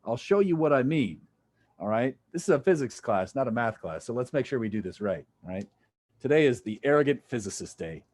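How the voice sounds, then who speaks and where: A man's voice: mid-range voice, very animated, brisk, darkish tone. A man lecturing a physics class, casual and jokey, thinking aloud as he works through problems with students. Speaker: physics instructor.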